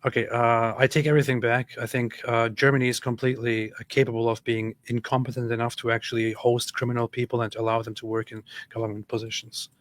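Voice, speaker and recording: A man in his thirties hosts a livestream, reacting casually to viewer chat with exasperation and sarcasm, often repeating himself. His medium-pitched voice stays level as he talks fast with hardly any pauses, and there's no echo.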